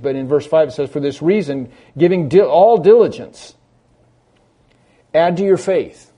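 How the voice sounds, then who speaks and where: A man's voice: mid-range voice, dark tone. A man preaching a sermon in an earnest, emphatic way, often restarting his phrases as he explains a scripture passage. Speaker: pastor.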